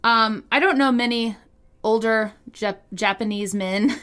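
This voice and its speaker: A woman co-hosting a podcast, telling a story in casual chat, giggly and animated with lots of fillers. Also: on the high side, measured pace, smooth. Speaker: podcast co-host.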